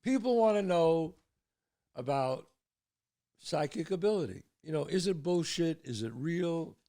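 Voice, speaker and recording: Gravelly, animated older male storyteller. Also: a little high, unhurried. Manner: animated storyteller, drops to hushed tones for suspense. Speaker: podcast host. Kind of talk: casual storytelling.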